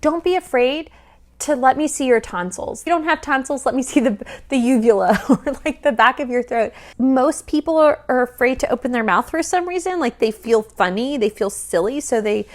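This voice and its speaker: A woman vocal coach giving lively, casual reaction commentary, often singing short examples and laughing. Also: high voice, moderate pace. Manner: animated, demonstrative, sings examples, laughs often.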